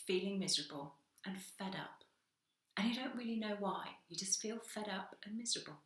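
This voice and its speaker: A woman's voice: medium pitch, sharp tone, roomy sound. A woman, a hypnotherapist giving a conversational talk straight to camera and acting out little exchanges along the way. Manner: conversational, acts out little dialogues.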